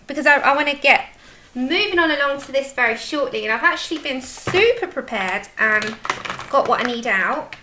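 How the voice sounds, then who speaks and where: A chatty woman hosting a colouring livestream, with a high voice. She greets viewers by name and gushes over her art supplies, all in easy casual chat with a crisp, bright edge. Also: a little hiss or hum. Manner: effusive. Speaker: livestream host.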